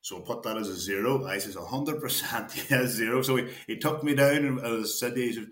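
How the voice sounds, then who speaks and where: A man's voice: medium pitch, a little fast, fairly bright tone, slight background noise. A Northern Irish man from Tyrone, a guest telling rambling anecdotes in casual chat, quoting others and laughing often. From County Tyrone, Northern Ireland. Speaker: guest, former county footballer. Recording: roomy echo.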